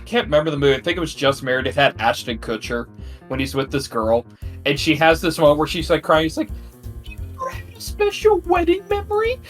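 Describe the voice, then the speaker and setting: A man's voice: mid-range voice, fast, a bit bright, soft background music. A man in his thirties co-hosting a podcast, telling rambling stories in casual, crude banter. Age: 30s. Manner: rambling storytelling, swears freely. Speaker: podcast co-host.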